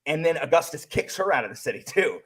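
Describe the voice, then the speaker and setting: A man hosting a casual book club chat, rambling excitedly with lots of fillers and restarts. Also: a little high, fast talker, breathy edge. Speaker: book channel host.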